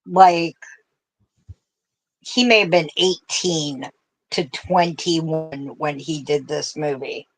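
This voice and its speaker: A woman's voice: low voice, steady tone, takes it slowly, pauses often. A woman with a central Pennsylvania accent, chatting casually on a craft livestream, laughing often and reading out viewer comments. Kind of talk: casual chat while crocheting.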